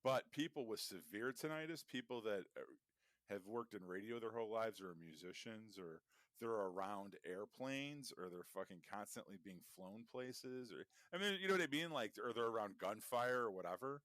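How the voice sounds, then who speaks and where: A podcast co-host with a lowish, animated, slightly bright voice talks at normal speed in a dry, studio-quality recording. His casual chat is heavy on swearing and drifts through rambling tangents.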